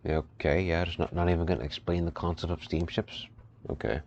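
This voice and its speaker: A man's voice: low voice, fairly even intonation, fairly quick, a little mellow, dull audio. A young man giving casual, amused let's play commentary, thinking aloud as he plays. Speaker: gaming video host. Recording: home mic with faint hiss.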